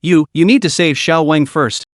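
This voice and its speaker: A man's voice: fairly high pitch, moderate pace, dry recording, clean studio sound, close to an everyday voice. A man voicing a badly wounded man who speaks in a weak voice.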